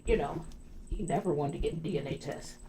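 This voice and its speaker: A low-voiced woman tells gossip in a chatty, rambling way, sprinkling "you know" through an ASMR salon role-play. A steady hiss runs under her voice. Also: fairly quick. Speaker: ASMR creator.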